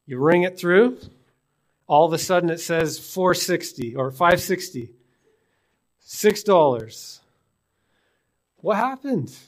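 A man from British Columbia preaching a sermon in a conversational way, asking his congregation rhetorical questions. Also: on the high side. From British Columbia, Canada. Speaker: pastor. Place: church in Newfoundland.

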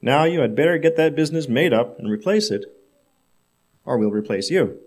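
A man's voice: fairly high pitch, animated, normal speed, a little mellow. A man voicing a proud, hot-tempered male business executive who scolds his staff. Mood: scolding. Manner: indignant, scolding.

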